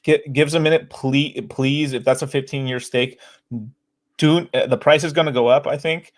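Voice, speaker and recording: A man's voice: fairly high pitch, fairly even intonation, normal speed. A man co-hosting a casual crypto chat show, chatty and explaining things with loose hedges. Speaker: co-host.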